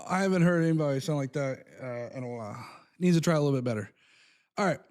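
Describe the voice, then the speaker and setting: A man's voice: fairly high pitch, fast, darkish tone. Rambling man hosting a call-in stream. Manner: loose, rambling, laughs often. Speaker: host. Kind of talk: casual live-stream call-in chat.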